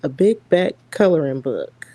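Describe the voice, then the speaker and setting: A woman co-hosting an interview who talks in a relaxed, conversational way. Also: deep voice, unhurried, no echo. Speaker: podcast co-host. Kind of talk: casual interview chat.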